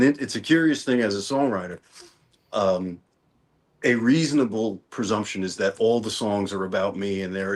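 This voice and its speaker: A man from New Orleans, a songwriter guest in a casual interview, telling stories with frequent restarts and repeated words. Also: fairly low pitch. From New Orleans, Louisiana. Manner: relaxed storytelling with many restarts and repeated words.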